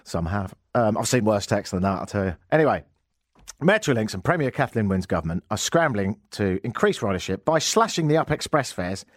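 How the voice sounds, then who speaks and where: A man's voice: fairly low pitch, sing-song, a little fast, dry recording, studio quality. A man with an English accent hosting a radio talk show, ranting with sarcastic, joking asides.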